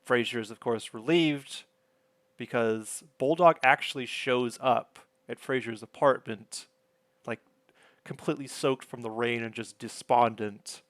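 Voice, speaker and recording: A man's voice: mid-range voice, measured pace, no echo. A man casually recapping a sitcom episode in a rambling, chatty, self-deprecating way.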